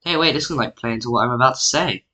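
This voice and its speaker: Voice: mid-range voice, very fast, bright, forceful tone. A mapping YouTuber narrating an alternate history in casual, rambling, self-mocking commentary, full of "like" fillers, sounding tired. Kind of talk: casual screen-recorded commentary.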